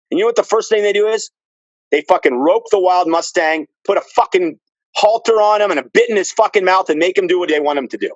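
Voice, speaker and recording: Man, podcast guest, swears freely and tells animated stories in a fairly high voice; dull, dry lo-fi sound. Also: fast talker, no room sound. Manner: profane, animated storyteller. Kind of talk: casual podcast chat.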